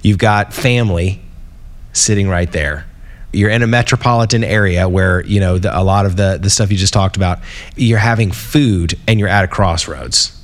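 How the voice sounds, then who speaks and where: A man's voice: low voice, moderate pace. A man hosting an interview, reflecting on and summing up what his guest has just told him. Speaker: podcast host. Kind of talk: casual interview.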